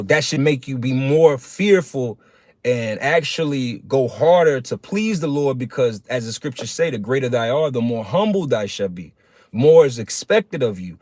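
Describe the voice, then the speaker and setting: A man's voice: on the high side, a little mellow, no echo, clean studio sound. Man preaching in a street-casual style. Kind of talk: casual livestream sermon.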